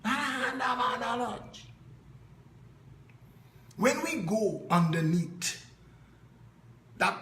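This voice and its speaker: Trinidadian man, high and emphatic. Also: fairly bright tone, roomy sound, low-quality recording. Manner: emphatic storytelling, punchy repetition. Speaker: political party leader. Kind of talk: impassioned political address.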